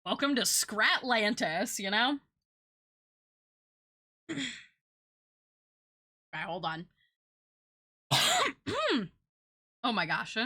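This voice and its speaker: A woman's voice: fairly high pitch, huge pitch swings, drawn-out words, pauses often, pushed and bright. A young woman streaming, chatting casually with her viewers in a rambling, talkative way and swearing now and then.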